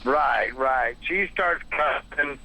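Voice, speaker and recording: A man's voice: mid-range voice, slow pace, vocal fry, bright, forceful tone, slight background noise, rough recording. A man who drives a cab, plainly recounting a ride in an interview. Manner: plain-spoken, protective. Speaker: taxi driver.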